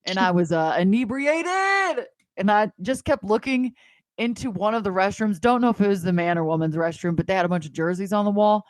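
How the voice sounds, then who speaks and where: A woman in her thirties chats on a podcast, telling self-mocking stories in an animated voice. Her pitch sits mid-range and swings widely as she talks. The recording is dry and close, with no room sound. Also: fast, dry recording. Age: 30s. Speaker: podcast co-host. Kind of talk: casual chat.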